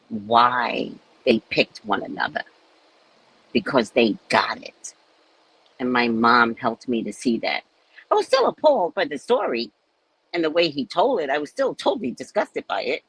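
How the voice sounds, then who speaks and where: A woman's voice: very deep voice, unhurried, long pauses, husky, poor audio. A woman reading a spiritual book aloud and breaking off into candid, laughing commentary. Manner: animated, laughing, candid asides. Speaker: spiritual reader and speaker.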